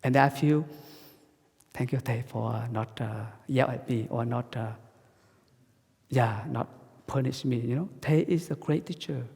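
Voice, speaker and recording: A man giving a gentle dharma talk as a Buddhist monk, speaking simple English that halts and restarts often. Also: mid-range voice, moderate pace, gravelly, long pauses, slightly rough, long reverb tail.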